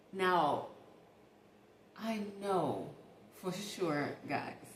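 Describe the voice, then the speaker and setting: A woman's voice: fairly low pitch, a little mellow, slight background noise. Chatty woman vlogger in an echoey room. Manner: chatty, emphatic, addresses viewers as baby and y'all. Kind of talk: casual storytime monologue. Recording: echoey room with faint ambience.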